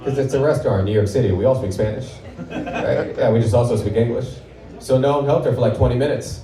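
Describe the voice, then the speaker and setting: A man's voice: medium pitch, fast talker, dark tone. Wry man in his thirties doing stand-up. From Portland, Oregon, US. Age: 30s. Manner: wry, offhand, self-deprecating delivery. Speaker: stand-up comedian. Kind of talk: live stand-up comedy set. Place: comedy club stage with live audience. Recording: roomy live club sound from a distance, audience laughter.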